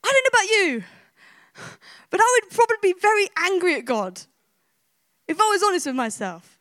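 A woman's voice: extremely high pitch, sing-song, brisk, a bit bright, no echo, studio quality. A woman preacher giving an emphatic sermon, retelling a scripture story with rhetorical questions and repetition.

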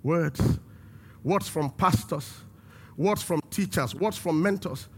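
A man preaching a sermon as pastor and host, emphatic and rising to shouts to stress his points. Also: fairly high pitch, takes it slowly, breathy edge.

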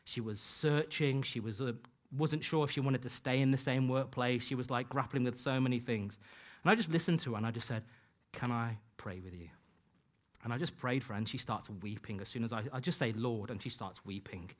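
A man's voice: medium pitch, fairly quick, hardly any pauses. A man preaching a sermon in a church, telling a personal story in an earnest way and acting out the dialogue he quotes. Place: church hall.

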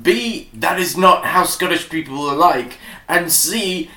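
A man's voice: on the high side, lively intonation, measured pace, bright, forceful tone. Wry man's voice in an echoey room. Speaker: podcast co-host. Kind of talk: casual chat.

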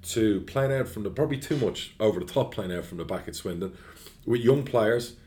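Swearing without restraint, the middle-aged football club chairman spins stories in a casual, blunt, animated interview. His voice is lowish and he talks a little fast.

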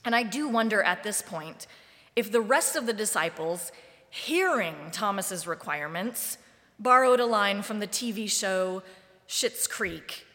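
A woman pastor preaching a sermon in a church sanctuary, deliberate and wry in a conversational way, with the long reverb of the sanctuary around her voice. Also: mid-range voice, animated, a bit bright. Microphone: live-streamed service mic.

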